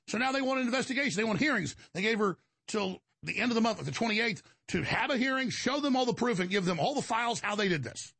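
A man's voice: high-pitched, animated, fast talker, vocal fry, few pauses, fairly bright tone, husky, no echo. A male show host in an agitated, emphatic monologue, rambling and restarting his sentences. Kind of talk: heated monologue.

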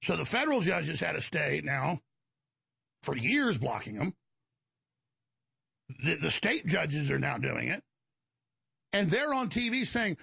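A man's voice: a little high, very animated, a little slow, vocal fry, long pauses, pushed and bright, breathy edge, dry recording. A male show host in an agitated, emphatic monologue, rambling and restarting his sentences. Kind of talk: heated monologue.

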